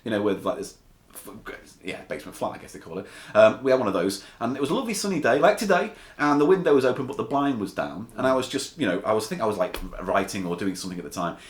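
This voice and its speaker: A man hosting a podcast, telling stories in a casual, animated chat and swearing freely. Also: on the low side, rapid-fire. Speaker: podcast host. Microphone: table mic. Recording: echoey room, faint noise.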